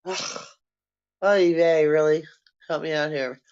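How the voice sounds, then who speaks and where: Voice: mid-range voice, steady tone, slow, a little mellow, clear, resonant tone. A vlogger in their sixties ranting to camera in a blunt, profane, rambling way from their apartment. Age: 60s. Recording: dull lo-fi sound.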